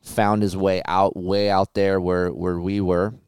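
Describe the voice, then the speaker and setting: A man's voice: sits low, level tone, a little slow, a little mellow, clear, resonant tone, no echo, studio quality. A man hosting a podcast, telling a story casually with frequent swearing. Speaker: podcast host. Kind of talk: casual chat.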